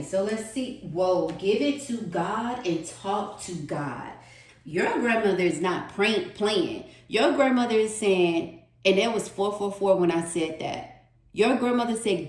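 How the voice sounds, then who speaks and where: A woman giving a spiritual tarot reading, with a slow, repetitive, earnest delivery. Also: mid-range voice, a little mellow. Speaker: tarot reader. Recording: echoey room, distant mic.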